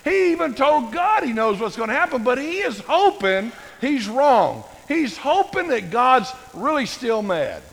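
An older male pastor preaching a sermon with a high-pitched voice and a gravelly rasp. He tells folksy, humorous stories and animates them as he goes, and his voice carries a long reverb through a big hall. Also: big pitch swings, measured pace, few pauses, fairly bright tone.

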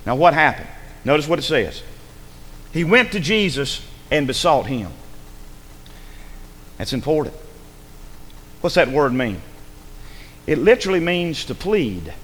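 High, lively-voiced preacher in a hall. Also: male voice, unhurried, pauses often, a little hiss or hum. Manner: urgent, rhetorical preaching with repeated questions. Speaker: pastor. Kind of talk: sermon. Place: church sanctuary.

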